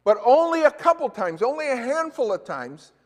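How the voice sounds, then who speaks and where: A man's voice: very high-pitched, sing-song, moderate pace. A man preaching a sermon as a pastor, talking conversationally and asking the congregation questions. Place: church. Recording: echoey church hall.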